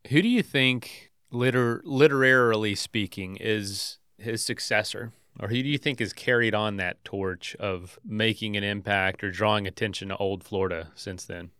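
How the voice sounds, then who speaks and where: A man with a smooth, resonant, fairly low voice hosts an interview. He thinks aloud in halting, restarting questions. The sound is dry and close. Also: pushed and bright, no echo. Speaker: interviewer, podcast host.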